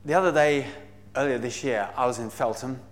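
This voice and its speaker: A man's voice: medium pitch, a little fast. A man giving an earnest, enthusiastic talk to a church congregation, with frequent fillers and cries of praise. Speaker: visiting Bible society speaker.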